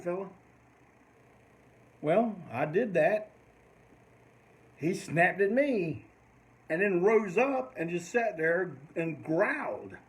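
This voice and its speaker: A man's voice: high-pitched, low-quality recording. An older man, telling a long rambling story in casual talk and swearing freely. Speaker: host of a live stream.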